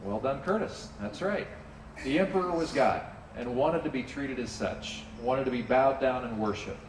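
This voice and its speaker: A man preaching a sermon to a congregation in a relaxed, conversational way, often asking listeners to join in. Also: mid-range voice, normal speed, a little hiss or hum. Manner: conversational, animated, drops in playful character asides. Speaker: pastor. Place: church sanctuary with a congregation. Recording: roomy hall, distant mic, faint ambience.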